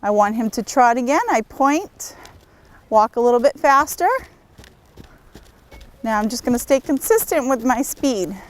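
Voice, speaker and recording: A woman horse trainer giving calm, patient step-by-step instructions outdoors while working a horse in an arena. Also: a little high, unhurried, long pauses, rough recording.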